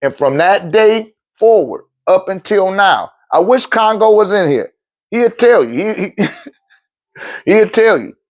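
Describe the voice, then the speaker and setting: A man's voice: sits high, lively intonation, a little slow. A man telling a personal story at a live talk in a loose, profane way, acting out the other people's voices as he goes.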